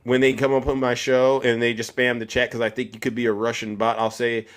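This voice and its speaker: A man's voice: mid-range voice, little pitch movement, brisk. A man hosting a political live stream, combative and mocking, often raising his voice at chat viewers.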